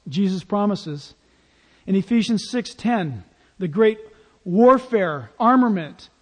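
Male pastor, high-pitched, emphatic storytelling sermon, long reverb of a big church. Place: large church.

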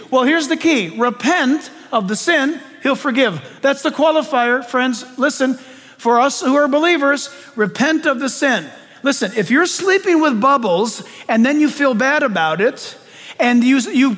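A male pastor preaching a sermon to his church, animated, swinging between loud outbursts and hushed, quiet passages. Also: very high voice, normal speed. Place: large church hall. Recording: echoey hall reverb.

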